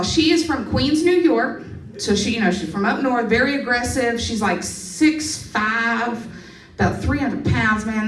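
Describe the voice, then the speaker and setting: Animated woman comic in a roomy club. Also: a little high. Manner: animated storytelling with playful asides to the crowd. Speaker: stand-up comedian. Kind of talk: stand-up comedy set. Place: comedy club stage. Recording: roomy club sound from a distance.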